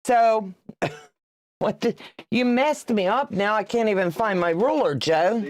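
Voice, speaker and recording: Slow-talking woman in her sixties. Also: medium pitch, darkish tone. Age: 60s. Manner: chatty and teasing, reads out viewer comments, laughs often. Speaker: quilting livestream host. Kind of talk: casual livestream chat while sewing.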